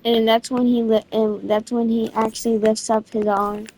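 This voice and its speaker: A woman narrating a game event in a casual, excited, slangy way, restarting her sentences again and again. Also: on the high side, moderate pace. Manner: rambling storytelling with constant restarts. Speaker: gaming video creator.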